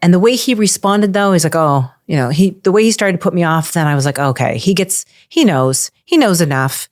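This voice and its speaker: A woman guest telling her story in casual conversation, animated and full of restarts. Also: fairly low pitch, a little fast, dry recording, clean studio sound.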